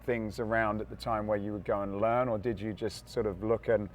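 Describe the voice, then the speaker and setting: Low-pitched British male host, halting questions, faint noise. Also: fairly even intonation. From United Kingdom. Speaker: podcast host. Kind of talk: interview questions.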